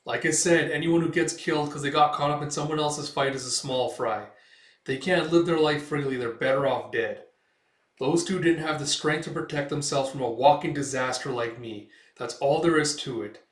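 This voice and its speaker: A man voicing a grim young male swordsman who speaks bluntly and flatly, recorded in an echoey room away from the mic. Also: fairly high pitch, moderate pace, lightly acted.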